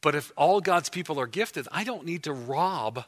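A man preaching a sermon as pastor in a church, animated and emphatic, often restarting his phrases. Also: on the high side, moderate pace. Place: church before a congregation.

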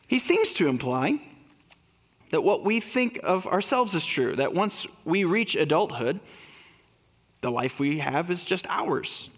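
A man's voice: high-pitched, sing-song, measured pace, long reverb tail. A man preaching a sermon in a conversational way, asking rhetorical questions. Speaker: pastor.

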